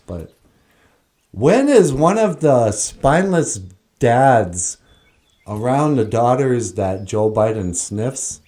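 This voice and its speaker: A male host talks in a slow, unhurried way and reads out comments from viewers. His voice is mellow and soft-edged. He jokes and chuckles as he goes. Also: medium pitch. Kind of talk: casual livestream chat.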